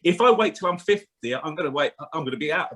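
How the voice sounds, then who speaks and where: A man's voice: fairly high pitch, animated, fast, fairly bright tone. A man in his forties doing stand-up comedy, chatty and rambling, often turning to the crowd with questions. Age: 40s.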